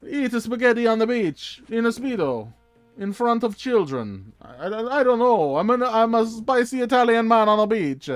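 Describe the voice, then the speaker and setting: Over the top italian beach guy, loud and high, a guy hamming it up. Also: expressive, normal speed. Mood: boastful. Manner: exaggerated comic put-on accent, high and loud. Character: loud brash Italian beach man in a speedo.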